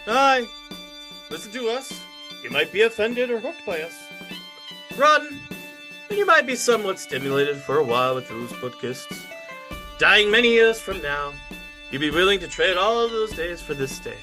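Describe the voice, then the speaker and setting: A man putting on a mock-heroic Scottish accent, playing a rousing rebel warlord who shouts a battle speech. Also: sits high, very animated, normal speed, music in the background. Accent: put-on Scottish. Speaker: podcast co-host.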